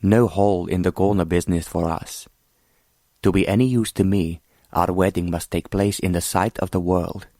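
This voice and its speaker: A man's voice: low-pitched, fairly even intonation, normal speed, dark tone, dry recording, clean studio sound. A man doing a cold, mocking villainous prince. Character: cold scheming foreign prince, arrogant villain.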